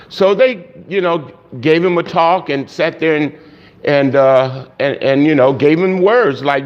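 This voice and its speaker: A man preaching a sermon, telling a story and acting out the voices of its people, growing loud and high at its peaks. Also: moderate pace. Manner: storytelling, acts out quoted voices, rising loud and high at climaxes. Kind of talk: sermon illustration. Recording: dull lo-fi sound.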